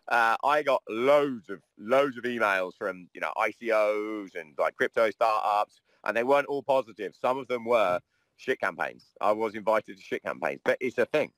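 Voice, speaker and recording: A man's voice: mid-range voice, normal speed, a bit bright, no echo. A man in casual podcast chat who speaks bluntly and swears freely.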